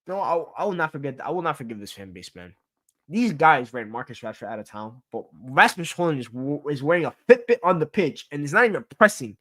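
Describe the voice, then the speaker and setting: A man's voice: medium pitch, very animated, quick pace, a bit bright, dry recording. A man hosting a sports talk show, ranting in exasperation, repeating himself and trailing off into mutters. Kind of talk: casual sports rant.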